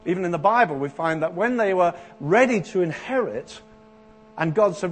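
Man, preacher, sermon, high voice, lively delivery, faint mains hum in the background. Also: moderate pace. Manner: animated, acts out Bible voices with rising intensity.

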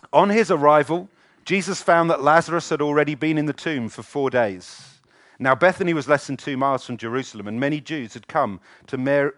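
A middle-aged man preaches in a church with animated energy, jumping into quoted voices as he goes. His voice sits at an ordinary male pitch and is recorded close and dry, with little room sound. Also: no room sound. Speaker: pastor. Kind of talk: sermon.

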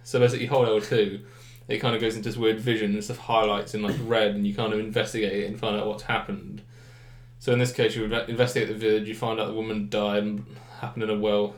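A young man chatting casually about games, rambling with lots of fillers and clear enthusiasm. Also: lowish voice, flat delivery, fast talker. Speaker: gaming podcast co-host. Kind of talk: casual chat. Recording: echoey room.

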